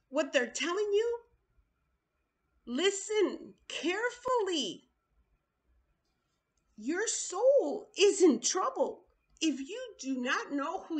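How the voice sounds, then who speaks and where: A woman preaching in a video sermon, urgent and pleading, often repeating her words. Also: high voice.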